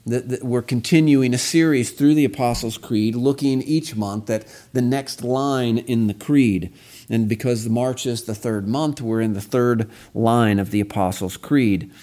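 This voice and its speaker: A pastor delivering a Sunday sermon, reading scripture aloud with slow, emphatic stress on key phrases. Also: male voice, mid-range voice, mellow.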